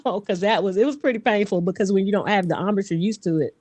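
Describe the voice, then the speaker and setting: A woman guest who is a vocal coach and voice actor, telling stories in a lively casual way, often laughing and dropping into voices. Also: medium pitch, fast talker. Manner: animated, laughs often, slips into character voices. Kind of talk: casual podcast storytelling.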